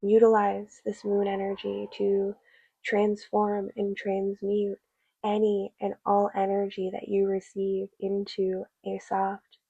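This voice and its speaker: Woman, tarot reading, low gravelly voice, flat delivery, dull dry recording. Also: no room sound. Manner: soft, meandering, many fillers. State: teary. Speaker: tarot reader.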